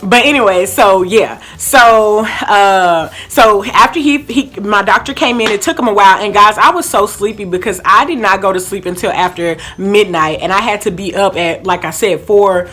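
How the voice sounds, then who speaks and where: A young woman telling a chatty storytime vlog, animated and full of fillers, acting out quotes as she goes. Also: mid-range voice, moderate pace, few pauses, soft background music. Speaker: vlogger.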